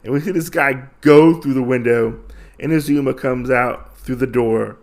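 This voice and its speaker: A man's voice: mid-range voice, steady tone, moderate pace. A man hosting a podcast, casually retelling a comic story with loose, enthusiastic phrasing and many fillers. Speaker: podcast host. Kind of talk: casual comic book recap.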